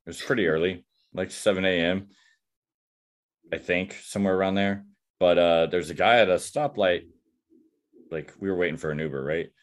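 A man's voice: sits low, moderate pace, pauses often. A man chatting casually and telling rambling, laid-back stories with plenty of slang. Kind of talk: casual chat.

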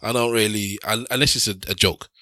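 A man rambles through a casual chat, restarting his sentences and slipping in jokes. His voice is bright and forceful. It is recorded close and dry. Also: on the low side, fairly even intonation, brisk, dry recording.

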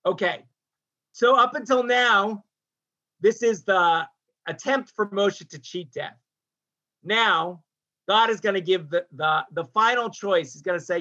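A man gives a lecture on a religious text, animated and acting out its characters, with frequent restarts. His voice sits high and sounds bright and forceful. The recording is dull and lo-fi. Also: measured pace. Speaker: rabbi teaching a text.

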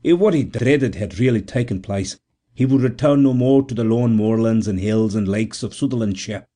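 A man reading a novel aloud as narrator in a measured, unhurried way. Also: lowish voice, warm tone. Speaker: audiobook narrator. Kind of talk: scripted narration.

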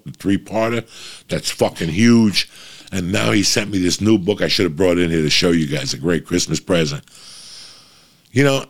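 A middle-aged man with a very deep voice full of grit and fry. He rambles through a casual, profane monologue, speaking bluntly and straight to his listeners.

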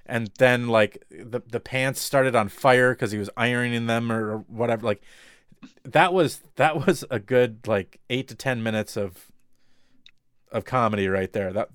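A man's voice: mid-range voice, measured pace, fairly bright tone, smooth, no room sound, clean studio sound. A man co-hosting a podcast, rambling in casual chat with many fillers and restarts. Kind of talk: casual chat about TV shows.

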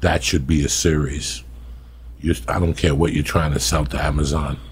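A man's voice: very deep voice, level tone, normal speed, breathy edge. A middle-aged man, a podcast guest, telling profane rambling stories in casual comedic chat.

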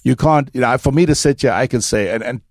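A man's voice: medium pitch, quick pace, no room sound, studio quality. A middle-aged man from Africa, a dog trainer explaining at length in a casual podcast chat, often restarting his sentences.

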